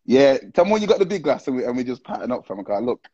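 A man's voice: medium pitch, sing-song, quick pace, dark tone, husky, no echo. Man hosting a live phone stream, slangy and chatty; dry, dull lo-fi sound. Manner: slangy, greets viewers one after another, laughs often. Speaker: livestream host. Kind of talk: casual live-stream chat.

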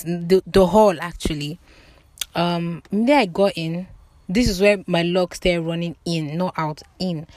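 A young woman in her twenties vlogging, telling a story to her viewers in a dramatic, animated way, with loud exclamations and casual swearing. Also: fairly low pitch, no room sound.

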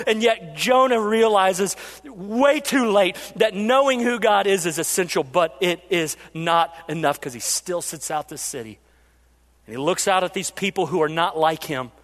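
A man preaching a sermon as pastor, animated and acting out quotes with big jumps in his voice. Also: sits high, moderate pace. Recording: long hall reverb.

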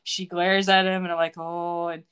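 A woman's voice: on the low side, flat delivery, moderate pace, a bit bright, clear, resonant tone. A woman co-hosting a podcast, recapping a TV episode in casual chat, laughing often and quoting the characters. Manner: laughs often, retells scenes in quoted voices. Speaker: podcast co-host.

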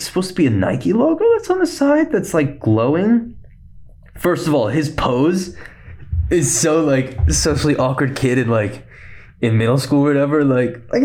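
A young man hosting a casual solo podcast, talking quickly and rambling with a slight lisp. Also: fairly high pitch, darkish tone. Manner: rambling, fast-talking, self-interrupting. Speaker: podcast host.

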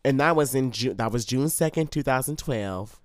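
A man co-hosting a podcast in casual chat, telling stories loudly with lots of slang and swearing. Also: mid-range voice, moderate pace, dry recording, clean studio sound. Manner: loud, profane, animated storytelling with slang. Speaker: podcast co-host.

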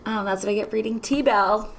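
A woman's voice: medium pitch, a little fast, slight background noise. A young woman co-hosting a podcast in casual, giggly chat full of fillers. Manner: giggly, chatty, lots of fillers. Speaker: podcast co-host.

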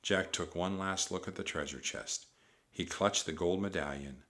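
Deep-voiced man reading a storybook. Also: moderate pace. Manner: animated reading. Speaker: narrator. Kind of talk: storybook read-aloud.

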